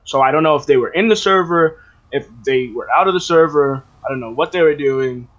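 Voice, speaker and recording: A man's voice: on the high side, fairly quick, fairly bright tone, lo-fi sound. A man in casual voice chat, rambling as he retells a conversation, full of fillers and restarts. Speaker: roleplay server player.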